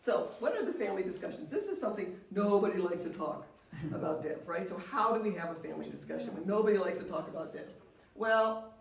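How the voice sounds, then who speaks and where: A woman's voice: lowish voice, expressive, fast, gravelly. An older woman speaking at a seminar, sharing personal stories in an earnest way with frequent restarts. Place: seminar room. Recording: echoey room, distant mic.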